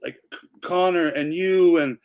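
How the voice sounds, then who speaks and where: A man's voice: fairly high pitch, slow, darkish tone, no echo. A man co-hosting a livestream, talking casually and rambling with lots of "like" and restarts. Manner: rambling, chatty, full of "like". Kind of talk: casual chat.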